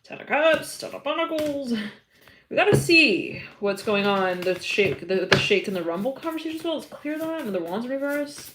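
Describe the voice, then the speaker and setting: A woman's voice: a little high, very animated, moderate pace, a bit bright, a little hiss or hum. A woman doing a live tarot reading, chatty and giggly and rambling with many fillers. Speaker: tarot reader.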